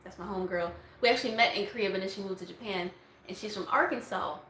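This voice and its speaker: A woman's voice: mid-range voice, quick pace. Young woman streamer, loose chatty delivery, phone on a tripod, roomy echo. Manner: chatty and rambling, many fillers. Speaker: YouTube streamer answering viewer questions. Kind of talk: casual livestream Q&A. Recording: echoey room, faint noise.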